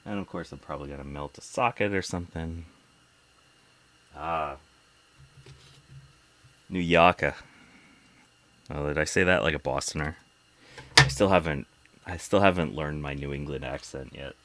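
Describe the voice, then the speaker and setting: Very deep-voiced man chatting while tinkering. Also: normal speed, fairly bright tone, a little hiss or hum. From South Jersey / Philadelphia. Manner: chatty, reads viewer comments, muttering while working. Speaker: host repairing vintage computer. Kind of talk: casual live-stream chat while working.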